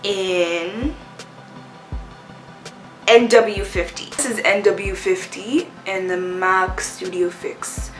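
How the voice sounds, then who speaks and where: A young woman chatting candidly while doing her makeup, reflective and quick to laugh. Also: medium pitch, fairly even intonation. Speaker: beauty vlogger. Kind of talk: get-ready-with-me chat while doing makeup. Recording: echoey room with faint music.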